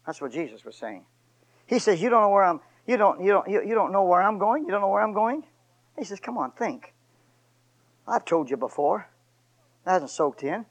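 A man preaching a sermon in church, swinging from loud shouts to near whispers, with joking asides to the congregation. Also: high-pitched, very animated, moderate pace, long pauses, poor audio. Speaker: pastor. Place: church sanctuary.

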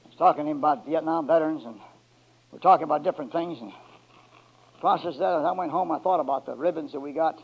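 High-voiced preacher swinging to shouts. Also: male voice, slightly rough. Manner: swings from low and quiet to loud shouted climaxes; drawn-out emphatic words in call and response. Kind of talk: sermon. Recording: dull lo-fi church recording.

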